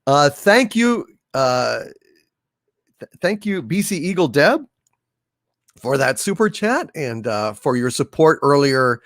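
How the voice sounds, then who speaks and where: A man hosting a relaxed livestream, his voice sitting a little high and swinging widely up and down. He talks in a halting, jokey way, dropping "uh" after "uh" as he thanks viewers. The sound is close and dry, with no room around it. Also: no room sound. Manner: hesitant, many filler "uh"s, jokey. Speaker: livestream host. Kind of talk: casual livestream chat, thanking donors.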